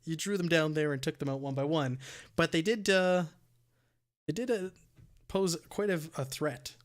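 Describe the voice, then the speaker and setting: A man with a slightly high voice narrates as dungeon master, describing dungeon halls and magic to his players. He talks in a halting way and restarts his sentences often. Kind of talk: narrating a tabletop game.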